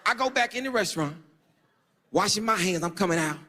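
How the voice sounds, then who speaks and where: A man doing stand-up, telling a dating story with animated delivery and loud bursts while acting out the people in it. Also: high voice, brisk, long reverb tail. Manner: animated, acts out other voices, loud bursts.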